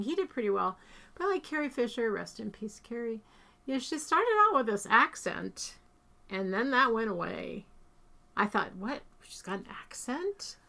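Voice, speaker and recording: A woman's voice: on the high side, vocal fry, sharp tone. A middle-aged woman chatting casually as an interviewee, feeling the heat and losing her voice a little. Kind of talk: casual chat.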